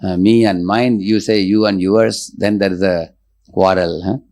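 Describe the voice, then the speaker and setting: Man, low-pitched voice, scripture lecture, recites Sanskrit verses, adds huh and hmm tags. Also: steady tone, unhurried, a little mellow. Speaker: spiritual teacher.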